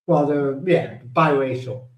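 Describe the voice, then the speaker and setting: A man's voice: mid-range voice, measured pace, low-quality recording. An older man from the United States hosting a casual livestream, rambling and blunt, swearing now and then. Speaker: livestream host. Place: home in the Philippines.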